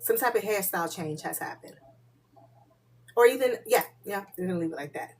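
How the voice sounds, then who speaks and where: A woman's voice: lively intonation, a little fast, a little hiss or hum. Chatty woman reading for a live audience. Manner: chatty, swears freely, laughs often, drops into low asides. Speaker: spiritual reader hosting a live stream. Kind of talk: casual live-stream reading.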